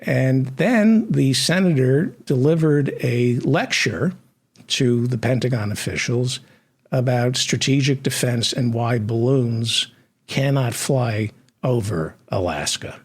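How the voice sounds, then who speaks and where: A man hosting a satirical comedy news show, delivering sardonic, deadpan asides. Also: medium pitch, slow, breathy edge.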